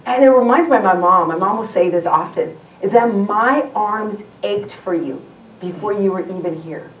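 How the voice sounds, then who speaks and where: A woman's voice: medium pitch, moderate pace, slight background noise. A woman guest pastor preaching a sermon in a conversational way, often restarting her sentences and asking the congregation questions. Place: church sanctuary. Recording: echoey church hall from far off.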